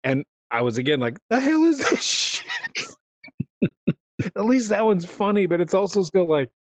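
Male podcast host, mid-pitched and chatty, rambling and animated, dry close mic. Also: slightly rough, dry recording, poor audio. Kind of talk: casual gaming chat.

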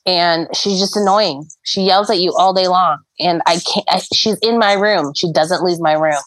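A woman's voice: on the low side, normal speed, no room sound, rough recording. A woman co-hosting a podcast, venting frankly and bluntly in casual chat. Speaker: podcast co-host.

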